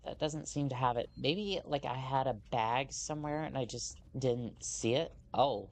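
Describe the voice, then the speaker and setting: A woman's voice: extremely low pitch, a little mellow. Rambling woman streamer narrating gameplay. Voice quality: rambling, self-correcting, reads on-screen text slowly. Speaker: game streamer. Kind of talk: casual gameplay commentary.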